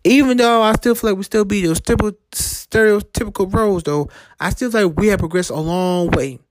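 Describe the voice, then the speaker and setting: A woman ranting in a heated, profane way, repeating herself and swinging her pitch up and down. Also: brisk, dry recording, clean studio sound. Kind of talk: profane personal rant.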